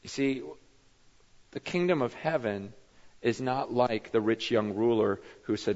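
A man preaching a sermon, animated and acting out the people in the story as he speaks. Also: medium pitch, normal speed. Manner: animated, acts out bible figures in his telling. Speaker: pastor. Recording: muffled echoey hall.

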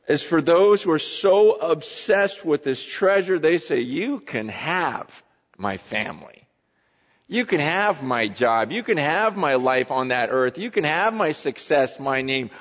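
High-voiced man preaching in a big hall. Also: lo-fi sound. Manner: impassioned preaching, swinging from loud pleading to hushed confession. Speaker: pastor. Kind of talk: sermon.

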